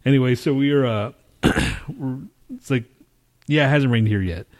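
A man in an ordinary middle pitch tells a long story on a casual podcast. He rambles, swears freely and acts out his own outbursts as he goes. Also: normal speed, darkish tone. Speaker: podcast co-host.

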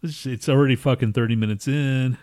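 A man's voice: medium pitch, fairly quick, a little mellow, no echo, studio quality. A man co-hosting a podcast, chatting casually with lots of swearing, laughter and teasing. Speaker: podcast co-host. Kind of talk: casual crude banter.

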